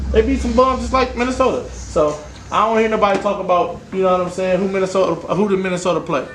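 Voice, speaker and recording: A man hosting a podcast, a casual sports chat full of loud, joking trash talk. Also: high voice, fast. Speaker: podcast host. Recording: echoey room with faint noise.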